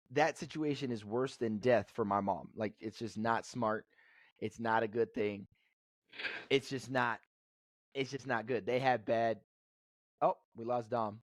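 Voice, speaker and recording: A man's voice: medium pitch, no echo, studio quality. A man in his thirties co-hosting a podcast, telling a story in a loose, rambling way with many restarts. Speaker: podcast co-host. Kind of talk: casual storytelling.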